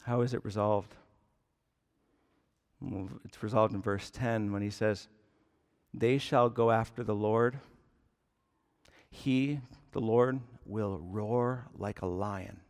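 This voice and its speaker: A man in his thirties preaching a sermon as pastor, earnest and deliberate, with emphatic rises on key words. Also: on the low side, steady tone, smooth. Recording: long hall reverb.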